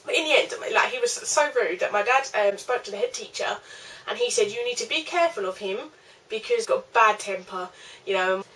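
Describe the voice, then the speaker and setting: A woman's voice: medium pitch, lively intonation, a little fast, fairly bright tone, distant mic, poor audio. A young woman telling a rambling storytime vlog, chatty, with lots of fillers. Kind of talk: casual storytime.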